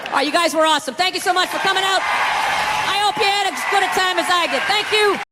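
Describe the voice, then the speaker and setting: A man doing a loud, profane stand-up routine on a comedy stage. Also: extremely high pitch, fast, long reverb tail, a crowd in the background, background noise. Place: comedy stage with a live audience.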